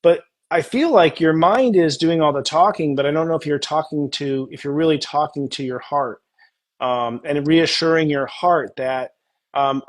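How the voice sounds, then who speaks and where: A man hosting a casual spiritual coaching chat, animated and acting out tender inner dialogues. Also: a little high, normal speed. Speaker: astrologer host.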